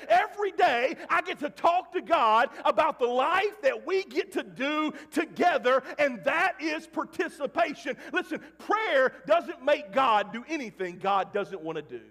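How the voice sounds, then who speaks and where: A pastor in his forties from Mississippi preaching a sermon, dropping to a hush and then shouting at the peaks. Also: extremely high pitch, animated, unhurried, few pauses. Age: 40s. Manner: swings between hushed and loud, shouting at peaks. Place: church sanctuary. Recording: long church reverb.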